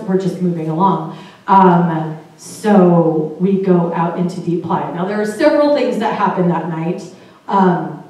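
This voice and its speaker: A woman's voice: medium pitch, darkish tone. Woman telling a story in an echoey room. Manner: casual, chatty, laughs often, swears. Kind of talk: live personal storytelling. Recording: very echoey room, voice far from mic.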